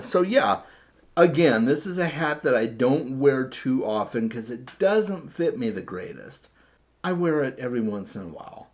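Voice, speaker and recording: A man chatting casually to camera as a vlogger, chatty and self-deprecating, often repeating words as he talks. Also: lowish voice. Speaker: vlogger showing his hat collection.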